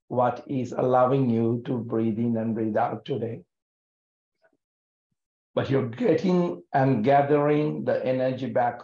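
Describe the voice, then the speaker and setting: A man guiding a yoga breathing practice in a gentle, calm and soothing way, with many pauses. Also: medium pitch. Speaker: yoga teacher. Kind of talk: guided yoga breathing instruction. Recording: echoey room, dull lo-fi sound.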